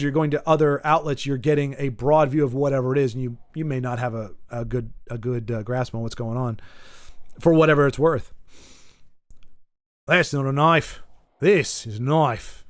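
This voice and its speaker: Male streamer from Michigan, slightly high voice, loose rambling chat full of restarts, bone-dry close sound. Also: dry recording. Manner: rambling, stumbles and repeats words. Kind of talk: casual gameplay chat, reading viewer messages.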